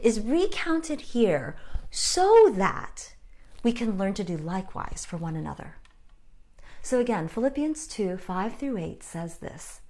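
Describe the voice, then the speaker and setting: A woman's voice: medium pitch, sing-song, a little slow, darkish tone. A woman giving a conversational sermon, candid and self-deprecating, with frank asides to her listeners. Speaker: preacher.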